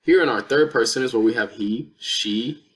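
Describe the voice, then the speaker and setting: A man's voice: mid-range voice, moderate pace. A man teaching a lesson, explaining step by step with patient repeated examples. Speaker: Spanish teacher. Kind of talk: lesson explaining verb conjugation.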